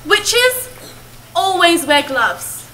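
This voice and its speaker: A woman playing an old grandmother in an amateur stage play, telling scary witch stories in a slow, dramatic way. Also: extremely high pitch, sing-song, sharp tone, heavily acted. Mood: ominous. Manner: slow, dramatic storytelling with emphatic drawn-out words. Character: old grandmother warning of witches, storytelling, doting. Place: camp stage, audience hall. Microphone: far camera in the audience. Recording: distant camera, faint hiss.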